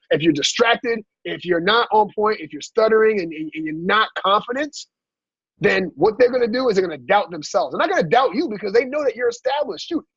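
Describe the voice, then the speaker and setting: A man coaching his team in a motivational training talk, energetic and asking "right?" after every point. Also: high voice, husky, no echo. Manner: energetic, repeats "right?" often, acts out dialogue. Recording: dull lo-fi sound.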